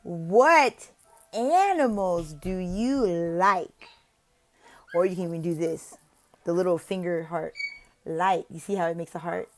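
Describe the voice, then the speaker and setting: A woman's voice: on the low side, faint music behind. A woman teaching online, explaining interview tips in a chatty way and switching to an exaggerated, gasping teacher voice in her demos. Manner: lively, exaggerated teacher voice in the demos, with gasps and drawn-out questions; chatty, uses fillers like "like" and "you know". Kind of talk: casual tutorial with demo teaching.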